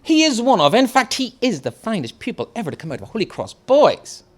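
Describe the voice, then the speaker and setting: Man doing a warm-hearted female teacher, Northern Irish accent, cooing, lively rises and falls. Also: high-pitched, a little fast, voice pushed up, heavily acted. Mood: proud. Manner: cooing, proud. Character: fond, sweet-talking woman primary teacher.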